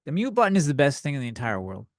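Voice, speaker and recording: A man's voice: mid-range voice, sing-song, racing, no room sound. Young guy ranting on his podcast, kinda tipsy and out of breath, swears a lot, dry close sound. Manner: profane, loose and slightly tipsy. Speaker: podcast host. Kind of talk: rambling comedic rant.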